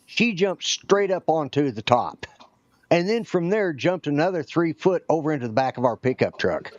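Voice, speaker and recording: A man's voice: fairly high pitch, sing-song, moderate pace, muffled recording. A man telling a rambling, folksy story during a casual chat. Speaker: guest.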